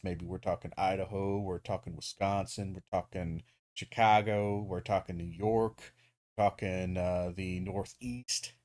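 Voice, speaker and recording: Talking through a video as a casual commentator, a man rambles with plenty of ums, restarts and the odd curse. His voice is fairly low and a little mellow, recorded dry and close with no echo or room sound.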